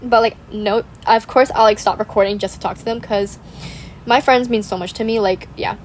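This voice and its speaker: A woman's voice: on the high side, steady tone, moderate pace, a little hiss or hum. A young woman hosting a gaming channel, rambling in casual chat, saying "like" constantly, giggling and apologizing.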